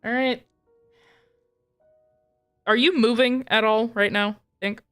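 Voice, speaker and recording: A woman narrating and running a tabletop role-playing game as game master, briskly directing players. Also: a little high, fairly even intonation, a bit bright, clear, resonant tone, faint music behind.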